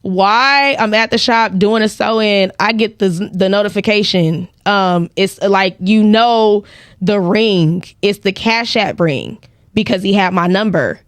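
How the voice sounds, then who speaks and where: A woman's voice: mid-range voice, measured pace, no echo. A woman tells a story in casual podcast talk, acting out the lines of other people. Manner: animated, acts out quoted dialogue. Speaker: guest, credit repair business owner.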